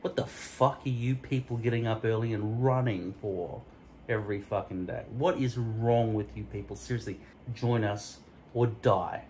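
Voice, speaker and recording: A man's voice: fairly low pitch, steady tone, normal speed, warm tone, slight background noise, rough recording. A man vlogging a rambling, profane rant full of tangents and mock-offensive jokes, filmed on a phone stuck to a mirror at home. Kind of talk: rambling solo rant to camera. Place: indoors at home, in front of a mirror. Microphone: phone camera stuck to a mirror.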